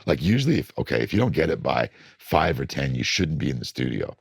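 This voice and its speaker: Older male producer, very low gravelly voice, husky, lively delivery, dry close sound. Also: quick pace, dry recording. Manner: animated storytelling, acts out studio voices. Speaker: record producer. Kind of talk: casual interview talk.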